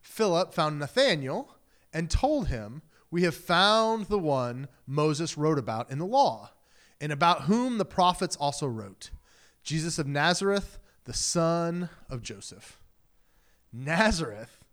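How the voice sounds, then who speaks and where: A man preaching a sermon, reading scripture and explaining it in an animated, conversational way, acting out the voices of the people in the story. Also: on the high side, measured pace. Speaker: pastor.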